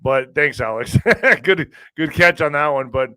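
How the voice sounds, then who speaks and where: A man's voice: a little high, measured pace, pushed and bright, clean tone, no room sound. Casual middle-aged male host, dry sound. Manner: rambling, conversational, addresses audience as folks. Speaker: podcast host. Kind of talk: casual monologue.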